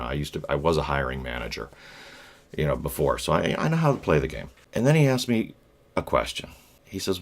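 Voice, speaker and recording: A middle-aged man vlogging, telling a rambling personal story in a blunt, profane way with wry asides and lots of halting restarts. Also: very deep voice, vocal fry. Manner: halting, with many fillers and restarts.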